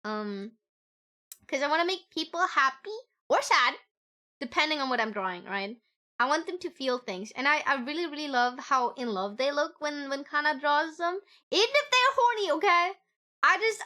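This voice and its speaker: A woman streamer chats casually from her home setup into a desk mic. Her voice sits high and sharp, bright and forward. She gushes with excitement, giggles often and swears without a second thought. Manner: gushing and excitable, squealing with delight. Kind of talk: casual live-stream chat.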